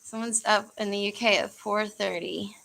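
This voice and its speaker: Give me a young woman from the United States hosting a casual livestream, bright-toned and chatty. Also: mid-range voice, steady tone, moderate pace, gravelly, poor audio. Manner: chatty, rambling, with frequent laughs and fillers. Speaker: livestream host.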